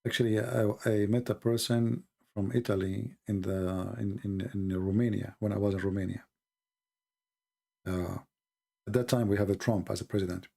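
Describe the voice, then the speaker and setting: A man hosting a casual livestream, rambling and animated, often mocking people in put-on voices. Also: on the low side, normal speed, vocal fry. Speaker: livestream host.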